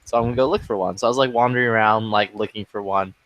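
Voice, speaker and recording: Bright, profane storytelling man. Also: lowish voice, steady tone, very fast, no echo. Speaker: gamer in voice chat. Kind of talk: casual chat.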